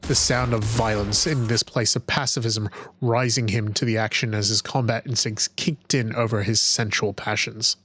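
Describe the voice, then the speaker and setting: A man narrating a sci-fi audiobook in a measured, even storytelling manner, on a close microphone. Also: medium pitch, no room sound, rough recording.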